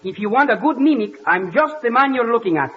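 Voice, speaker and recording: A man's voice: extremely high pitch, expressive, fast. A man playing an eager, bumbling mimic in a 1940s radio comedy. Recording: muffled old radio recording with hiss.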